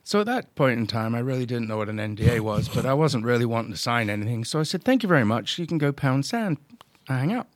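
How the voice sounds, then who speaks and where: Animated man telling stories. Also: medium pitch, fast, no echo. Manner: animated storyteller acting out quoted dialogue; salty, swears freely. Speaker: podcast guest, drone business owner. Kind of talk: casual storytelling chat.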